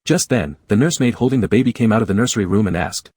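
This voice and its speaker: Man, audiobook narrator, deep voice, slightly husky, dry close sound, measured. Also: expressive, a little mellow, no room sound.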